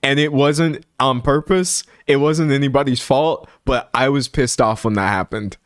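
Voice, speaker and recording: A man's voice: mid-range voice, moderate pace, no echo. A man chats loosely with his stream audience, breaking into laughter between thoughts and circling back on himself. His voice sits in an ordinary middle register. The sound is close and dry on a streaming mic, with no room around it. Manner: laughs often, rambling with restarts. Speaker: livestream host. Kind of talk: casual livestream rant. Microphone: streaming microphone.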